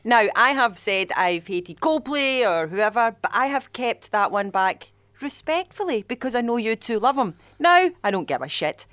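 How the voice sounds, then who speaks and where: A woman's voice: a little high, big pitch swings, moderate pace, fairly bright tone. A Scottish woman, a podcast guest, ranting bluntly and swearing freely in casual banter.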